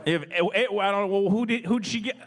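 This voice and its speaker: A man on a podcast, chatting crudely and excitedly. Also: high voice, fast. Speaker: podcast co-host. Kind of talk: casual crude banter.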